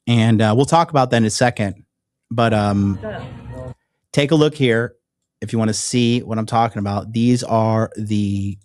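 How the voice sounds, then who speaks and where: A man's voice: on the low side, darkish tone, dry recording, studio quality. A man, a YouTuber and dating coach, talking casually and emphatically to his viewers, rambling and swearing often. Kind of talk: casual direct-to-camera chat.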